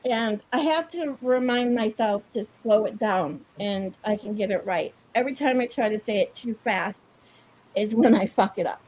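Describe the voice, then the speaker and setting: A woman's voice: mid-range voice, moderate pace, a little mellow, rough recording. A woman hosting a casual online chat who laughs often and swears freely. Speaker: stream host.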